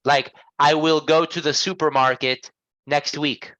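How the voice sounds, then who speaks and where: A man's voice: a little high, steady tone, a little slow, a bit bright, no echo, highs cut off. A man teaching an online English class, patient and encouraging, repeating and rephrasing answers for his students.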